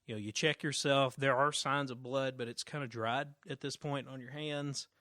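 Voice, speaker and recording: A man runs a tabletop game as game master, describing scenes in a loose, chatty way full of fillers and restarts. His voice is bright and forceful. The sound is close and dry. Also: mid-range voice, normal speed, dry recording. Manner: relaxed, many fillers and restarts.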